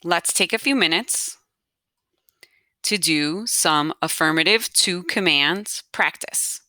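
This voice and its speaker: A woman's voice: fairly low pitch, slow, pushed and bright, no echo, clean studio sound. A woman teaching a grammar lesson step by step, patiently explaining aloud as she marks up her notes. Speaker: Spanish teacher.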